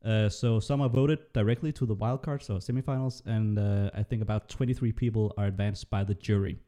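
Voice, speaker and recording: A man hosting a relaxed panel chat, talking loosely with lots of ums and quick laughs. His voice is mellow and warm, run through a voice-changing program. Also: fairly low pitch. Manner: chatty, frequent fillers and laughs. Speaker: podcast host. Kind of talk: casual panel discussion.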